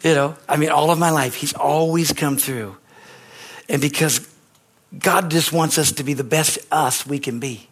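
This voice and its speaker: A pastor preaching a sermon, telling stories with excitement that climbs to shouts, repeating phrases and calling for amens. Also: male voice, a little high, moderate pace, slightly rough. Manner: repetitive, emphatic phrasing with call-and-response.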